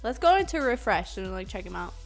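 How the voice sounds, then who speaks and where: A woman's voice: mid-range voice, very animated, fairly quick, faint music behind. A woman live streaming a game, chatting casually with her viewers, giggly and swearing freely. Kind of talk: casual live-stream chat while gaming.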